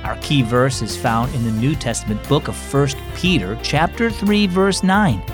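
A man's voice: medium pitch, lively intonation, normal speed, over music. A man hosting a children's devotional program, friendly and encouraging as he speaks to kids. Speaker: host.

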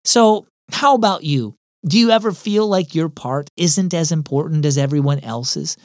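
A man's voice: a little high, no room sound. A man hosting a children's devotional program, narrating a story in a friendly, encouraging way into a close studio mic. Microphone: studio mic, dry close sound.

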